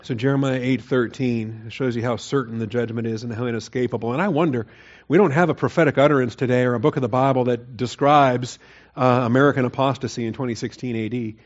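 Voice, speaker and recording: A man's voice: mid-range voice, fairly even intonation, fast, lo-fi sound. Man preaching a conversational sermon. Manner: conversational, rising to emphatic mock-quoting. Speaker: pastor. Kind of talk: expository sermon.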